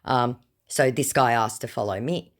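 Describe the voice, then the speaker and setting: A woman's voice: a bass voice, normal speed. An Australian woman telling a funny story about baiting scammers in a sarcastic, mocking way. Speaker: online content creator. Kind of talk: comic storytelling.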